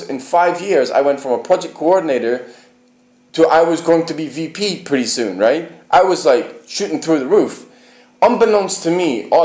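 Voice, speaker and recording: A man's voice: a little high, a little mellow. Aggrieved man telling his story, echoey room. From United Kingdom. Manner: aggrieved, emphatic and profane, asking the listener to agree. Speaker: interviewee. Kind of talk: casual personal storytelling.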